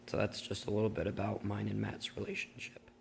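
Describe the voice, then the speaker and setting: A man sharing memories in a personal video tribute, speaking haltingly with frequent pauses. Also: fairly low pitch, monotone, creaky, slight background noise. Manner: halting, with many pauses and fillers. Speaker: brother-in-law sharing memories.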